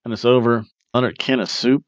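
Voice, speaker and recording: A man's voice: medium pitch, steady tone, fast, no echo, highs cut off. A man hosting a wrestling review podcast, rambling casually through a recap and breaking into goofy chants and sing-song asides.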